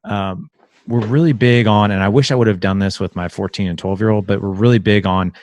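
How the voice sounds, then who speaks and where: A middle-aged man in casual conversation as a podcast guest, talking from home on a video call and animatedly acting out bits of family dialogue. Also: lowish voice. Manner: animated, acts out family dialogue in quick voices. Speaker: podcast guest, fellow father.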